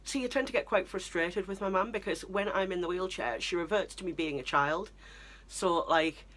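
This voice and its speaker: Chatty young British woman, slightly low. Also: a bit bright. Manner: chatty and exasperated, with frequent fillers. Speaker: vlogger. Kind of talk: storytelling vlog.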